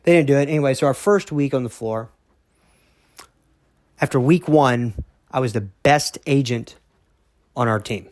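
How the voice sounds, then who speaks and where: A man's voice: mid-range voice, moderate pace, long pauses, darkish tone, dry recording, clean studio sound. A man telling his own story in a casual monologue, emphatic and blunt, with frequent "okay?" check-ins, repeated words and the odd curse. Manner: emphatic, keeps asking "okay?", repeats himself; blunt, swears now and then.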